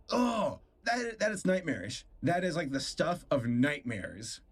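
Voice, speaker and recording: A man's voice: high-pitched, animated, a little slow, slightly rough. A man hosting a stream, reviewing a cartoon episode in casual, incredulous commentary, disgusted and laughing often.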